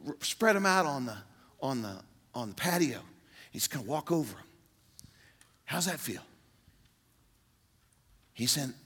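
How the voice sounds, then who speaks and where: A man's voice: medium pitch, fairly bright tone, slightly rough. An older man preaching a sermon as pastor, earnest and pleading, with sudden emphatic outbursts.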